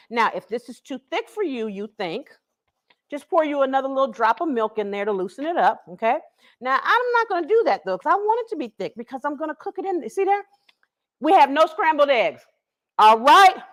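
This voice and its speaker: Woman, high voice, live cooking host, chatty, home kitchen. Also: sing-song, brisk. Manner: chatty, laughing, talks straight to viewers. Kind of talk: live cooking stream chat. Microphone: camera she set up herself.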